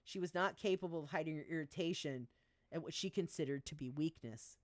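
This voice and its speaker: A woman's voice: low-pitched, fairly even intonation, normal speed, a little mellow. A woman reading her own novel aloud on a live stream, giving the characters light voice shifts and stopping now and then to correct herself. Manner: reads dialogue with small voice shifts, stumbles and restarts, laughs at her own asides.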